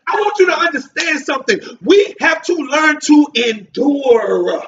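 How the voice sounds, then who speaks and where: High-pitched preaching man, distant and muffled. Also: expressive, measured pace. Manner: call-and-response preaching, shouting emphatic lines. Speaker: pastor. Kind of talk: sermon. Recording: distant mic, dull lo-fi sound.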